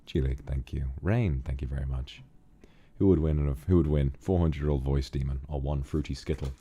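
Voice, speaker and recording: Deep, dark-voiced British man. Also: brisk, slightly rough. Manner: relaxed, rambling, laughs often, hums to himself. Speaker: streamer. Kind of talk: casual chat reading donations.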